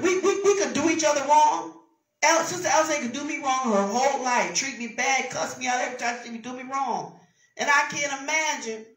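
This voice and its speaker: A woman preaching a sermon with an emphatic, repetitive cadence, swinging between loud exclamations and hushed whispers. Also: fairly high pitch. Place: church sanctuary. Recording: roomy church sound from a distance.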